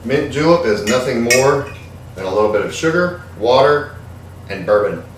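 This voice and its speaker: A man's voice: mid-range voice, normal speed, very echoey. Guy hosting a goofy cooking show at home, dry jokey asides, sounds far off, faint hiss in the room. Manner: joking, irreverent, deadpan asides. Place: home kitchen.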